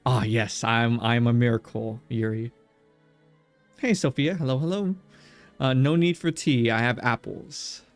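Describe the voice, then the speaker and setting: A man's voice: mid-range voice, a little slow, soft background music. A man streaming a visual novel game, joking around and chatting with his viewers and the characters. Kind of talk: casual let's-play chat.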